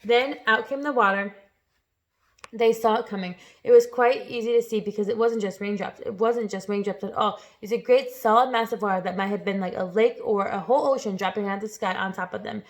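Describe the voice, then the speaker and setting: A woman reading a children's novel aloud with expressive storytelling. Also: medium pitch, fairly quick. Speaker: reader.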